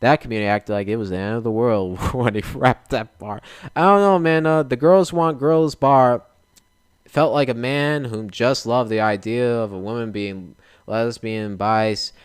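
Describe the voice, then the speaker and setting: A man's voice: medium pitch, normal speed, smooth, no room sound, clean studio sound. A young man hosting a podcast, ranting casually and with exasperation. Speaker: podcast host.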